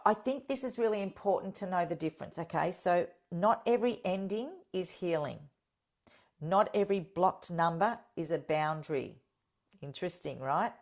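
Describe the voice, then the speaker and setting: Aussie woman doing a solo healing podcast, kinda low voice, direct and encouraging, keeps asking okay?. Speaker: podcast host and healing coach.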